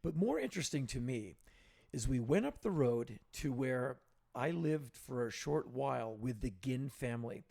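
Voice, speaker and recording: A middle-aged man co-hosting a podcast, with a gravelly, mid-range voice. He tells stories casually and turns animated whenever he quotes someone. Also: mid-range voice, moderate pace. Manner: anecdotal, animated when quoting others. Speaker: podcast co-host. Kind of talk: casual storytelling.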